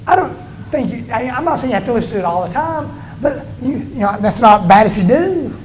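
A male pastor preaching a sermon in church, with emphatic delivery that rises and falls and slows down on stressed words. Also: very high voice, expressive, a little hiss or hum, poor audio.

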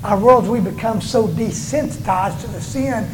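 A male pastor preaching a sermon in church, with emphatic delivery that rises and falls and slows down on stressed words. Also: high-pitched, background noise.

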